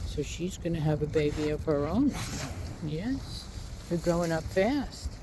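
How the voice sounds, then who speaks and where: A woman's voice: low-pitched, animated, unhurried, noisy background. An American woman farmer in a casual vlog, talking sweetly to her cows in a muddy pasture. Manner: coos and talks sweetly to the cows. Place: outdoors in a muddy farm pasture.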